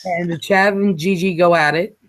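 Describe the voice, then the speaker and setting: A man hosting a late-night casual chat show, rambling and halting with fillers as he talks. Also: high-pitched, steady tone. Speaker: show host.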